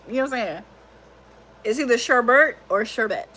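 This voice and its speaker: A young woman with a high, bright voice hosts a casual livestream chat. She talks in an animated way, laughs often and swears freely as she reacts to her viewers. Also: quick pace, pauses often. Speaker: livestream host.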